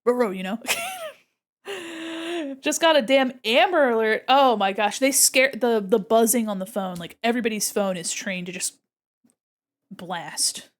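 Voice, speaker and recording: Upbeat woman streamer with a slightly high voice, chatting loosely with her viewers while she draws. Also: a little slow, pauses often. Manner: bubbly, rambling, giggles often; chats with viewers, thinks aloud. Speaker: streamer painting digital art. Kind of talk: casual live-stream chat while drawing.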